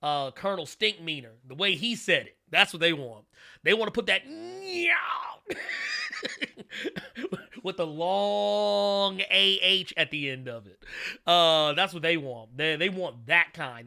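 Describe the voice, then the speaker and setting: A man hosts a casual live-stream, his voice very bright and ringing and sitting a little high. He rambles in an animated way, full of restarts and quick asides to his viewers. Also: creaky. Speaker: host.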